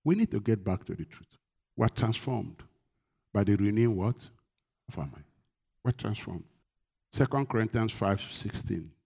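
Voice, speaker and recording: A man preaching a sermon as pastor, emphatic, with call-and-response questions to the congregation and bursts of rising pitch and volume. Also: lively intonation, moderate pace, creaky, long pauses, dark tone, husky.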